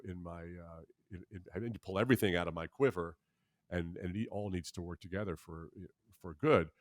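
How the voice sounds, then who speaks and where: A man's voice: deep voice, dry recording, studio quality. A man in his sixties, a guest in a candid interview, telling stories animatedly with frequent restarts and putting on voices for the people he quotes. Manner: halting, with many restarts. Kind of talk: candid storytelling conversation.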